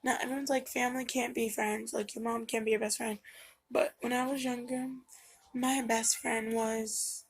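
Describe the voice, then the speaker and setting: At home, a woman vlogs casually into her camera mic in a confessional style, rambling with lots of fillers and growing emotional. Her voice is a little high and breathy-edged, with a level tone and normal speed.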